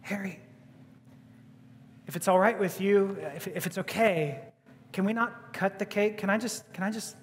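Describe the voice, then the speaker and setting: A man voicing a shy older woman who asks softly and haltingly, stumbling over her words. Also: medium pitch, steady tone, big-room sound, lightly acted. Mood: timid. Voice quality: soft, halting.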